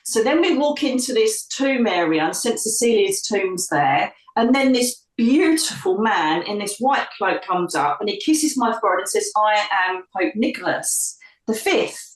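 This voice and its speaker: A woman's voice: medium pitch, expressive, moderate pace, hardly any pauses. A woman from the UK, a psychic medium telling a long story in an interview, chatty and laughing, acting out the voices she quotes. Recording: roomy sound, distant from the mic.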